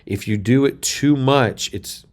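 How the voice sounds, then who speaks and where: A man's voice: mid-range voice, a little slow. A middle-aged man giving a teaching talk on preaching, speaking plainly and unhurriedly with some fillers and restarts. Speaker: preaching instructor. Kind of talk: teaching talk on sermon delivery.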